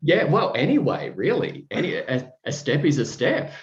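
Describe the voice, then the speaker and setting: A man's voice: on the high side, sing-song, normal speed. A man hosting a podcast, chatting with a guest in an effusive, rambling way full of fillers and restarts. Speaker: podcast host. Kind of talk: casual chat with a guest. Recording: roomy, dull sound.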